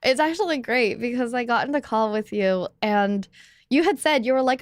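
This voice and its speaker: A woman's voice: a little high, lively intonation, fairly quick, no room sound, clean studio sound. A young woman hosting a casual podcast chat, playful and teasing, laughing often. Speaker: podcast host.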